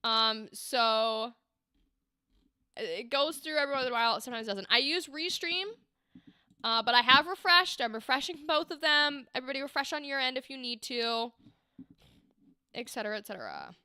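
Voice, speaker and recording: Bright-voiced woman coaching voice actors. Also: sits high, animated, normal speed, pauses often, clean tone, no room sound, studio quality. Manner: chatty, enthusiastic, demonstrates lines. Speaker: livestream host and voice acting coach. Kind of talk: casual livestream chat and acting feedback.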